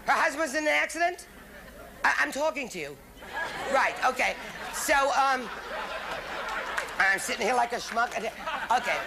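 A brash, bawdy middle-aged woman working a live crowd in a stand-up set, her gravelly voice swinging up and down in pitch. It is a 1970s TV special recording, with laughter from a big audience and a noisy hall behind her. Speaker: stand-up comedian. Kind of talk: stand-up comedy routine. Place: theater stage with a live audience.

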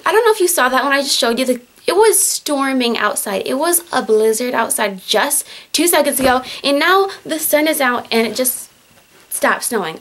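High-voiced Michigan teen girl ranting. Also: lively intonation, moderate pace, a bit bright. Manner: exasperated, chatty, lots of fillers and restarts. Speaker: vlogger on a group channel. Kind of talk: casual vlog rant. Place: at home, in winter.

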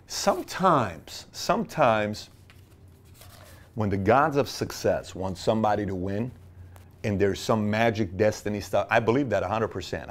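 A man giving business advice in a motivational talk, emphatic and full of rhetorical questions and playful sarcasm. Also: mid-range voice.

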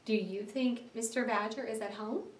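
A woman teacher reading a story aloud for a class in an expressive way, stopping to explain words. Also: a little high, normal speed, reverberant, recorded from a distance, slight background noise. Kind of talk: read-aloud lesson narration.

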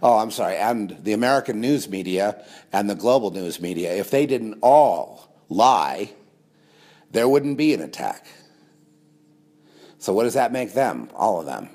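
A man's voice: lowish voice, very animated, moderate pace, a little mellow. A man delivering a rambling monologue to camera, sarcastic, with mocking asides. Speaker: conspiracy video host.

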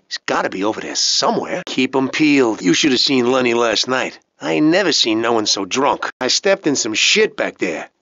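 A man's voice: medium pitch, a bit bright, no echo. An actor playing a brutal, foul-mouthed male gang thug in a video game, swaggering and taunting with lots of profanity. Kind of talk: video game character dialogue. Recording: dry, slightly dull studio sound.

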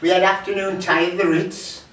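A man's voice: high voice, level tone, moderate pace, crowd noise. Rambling man telling jokey tales. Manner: chatty, jokey, rambling with many fillers. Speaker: folk club performer. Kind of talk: rambling comic anecdotes. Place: folk club room. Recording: echoey room, mic from far off.

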